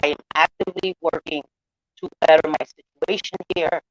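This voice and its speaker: An emotional woman vlogger speaks straight to her viewers, close to tears, pleading softly and then turning blunt and defiant. Her voice comes through a dull, lo-fi mic with a dry, close sound and no room echo. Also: low-pitched, steady tone, normal speed. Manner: earnest, defensive, swings from soft pleading to blunt defiance. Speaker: vlogger addressing her channel. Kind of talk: emotional livestream apology.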